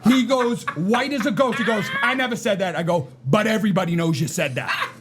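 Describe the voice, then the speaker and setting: This man tells his story with a fairly high voice, animated and casual, checking in with the listener after nearly every line. A faint hiss sits under his voice. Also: brisk. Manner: animated, tags lines with "right?" and "you know what I mean?". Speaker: podcast guest.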